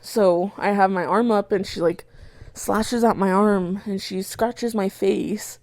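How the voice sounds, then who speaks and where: Young woman podcaster, swears a lot, acts out the yelling, mid voice, dry close mic. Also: medium pitch, slow pace, no echo. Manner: animated retelling, swears a lot, acts out her own shouts. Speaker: podcast co-host. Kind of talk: casual storytelling chat.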